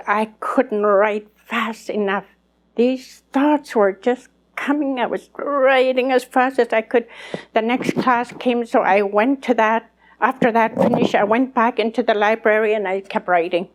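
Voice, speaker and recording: An older woman, an elder speaking at a conference, telling her life story in earnest and acting out remembered conversations. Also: mid-range voice. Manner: earnest, acts out remembered dialogue. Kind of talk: personal storytelling testimony.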